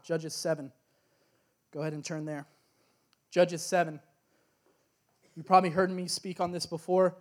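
A man preaching a sermon, telling a story in a lively, casual way with slang and excited exclamations. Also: a little high, moderate pace, pauses often.

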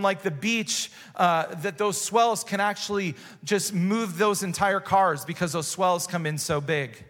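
Pastor, male, higher register, animated storyteller, echoing hall sound. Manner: animated storytelling with dramatic voiced exclamations. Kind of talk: sermon. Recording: long hall reverb.

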